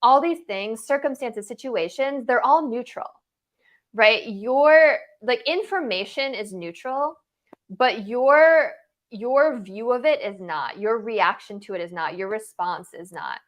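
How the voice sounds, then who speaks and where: A woman's voice: a little high, expressive, a little slow. A woman guest coach talking in a casual interview, making emphatic points in rhythmic repeated lists and checking in with "right?".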